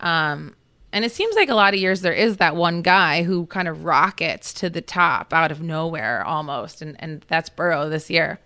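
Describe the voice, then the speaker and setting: A woman's voice: low voice, animated, moderate pace, bright, forceful tone. Chatty woman football reporter. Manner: chatty storyteller, many fillers and restarts. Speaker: podcast co-host, football reporter. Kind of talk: casual chat.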